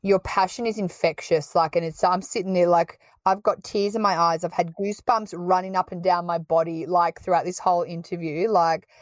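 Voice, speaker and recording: A woman hosts the podcast with enthusiastic, chatty energy. Her voice sits a little low, and the sound is dry and close. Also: fairly even intonation, moderate pace, few pauses, dry recording. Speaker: podcast host. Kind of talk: casual chat.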